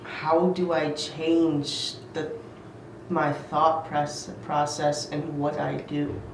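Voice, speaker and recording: A man playing a tabletop game, speaking haltingly and repeating words. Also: on the high side, monotone, gravelly. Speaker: player. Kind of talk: casual tabletop play. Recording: echoey room, distant mic, noise.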